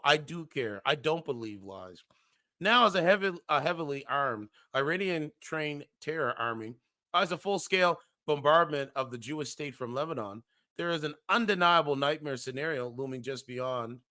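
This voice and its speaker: Guy hosting his show reading news out loud, bright voice, trips over words, fixes himself, drops slang. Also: fairly high pitch. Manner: stumbles over words, corrects himself mid-read; slangy asides. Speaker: show host reading an article aloud. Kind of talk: casual commentary with read-aloud article.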